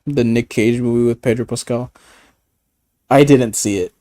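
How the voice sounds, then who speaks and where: A man's voice: medium pitch, fairly even intonation, moderate pace, warm tone. A man talking casually, rambling with stammered restarts, frequent swearing and bursts of laughter. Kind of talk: casual chat.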